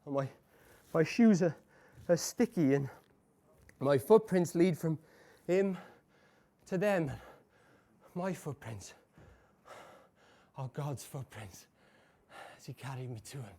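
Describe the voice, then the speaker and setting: An actor in a live stage monologue playing a tormented man who caught his wife cheating. He stammers, repeats broken phrases, and swings between hushed murmurs and shouts. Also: a little high, expressive, takes it slowly, long pauses, heavily acted. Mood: anguished. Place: café bar stage before a live audience.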